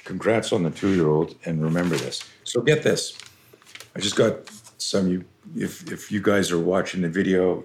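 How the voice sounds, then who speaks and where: A man's voice: sits low, moderate pace, a little hiss or hum. A middle-aged man, a self-defense coach, telling stories intensely and animatedly as a podcast guest, with casual swearing. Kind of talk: podcast interview storytelling.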